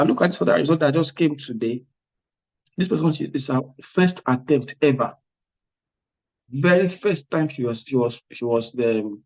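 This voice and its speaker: This tutor's voice is a little high and a little mellow, and the recording sounds muffled. Giving an exam prep class a motivational talk, he speaks emphatically, repeats words, and keeps asking "are you with me?"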